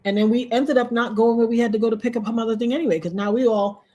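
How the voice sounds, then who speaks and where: At a quick pace, a woman running a livestream tells a personal story in a lively, casual manner. Her delivery leaps now and then into loud, high exclamations.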